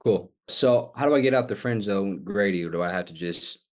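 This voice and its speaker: A man's voice: low voice, brisk, a little mellow. A man, a fitness coach, casually reading his text messages aloud on a coaching call.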